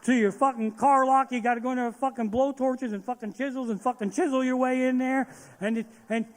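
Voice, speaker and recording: High-pitched man, crude ranting stand-up, constant swearing, long hall reverb. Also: fairly even intonation, fairly quick. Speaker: stand-up comedian. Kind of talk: profane stand-up rant. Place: live theater stage.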